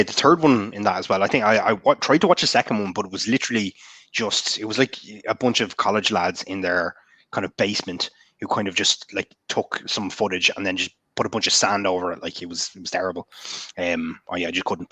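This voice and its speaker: A man's voice: low voice, fairly even intonation, quick pace, a bit bright, husky, no room sound. An Irish man, a novelist guest, chatting easily, laughing often, with many fillers. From Ireland. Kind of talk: casual chat.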